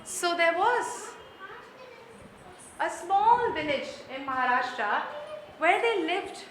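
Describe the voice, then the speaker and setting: A woman tells a folk tale to children, animated and full of questions for her listeners. Her voice is high and bright. The recording is roomy, with a faint room ambience behind her. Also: slow, a little hiss or hum. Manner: animated, asks the audience questions. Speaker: storyteller. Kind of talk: interactive storytelling for children. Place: performance room with an audience. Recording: roomy hall with light ambience.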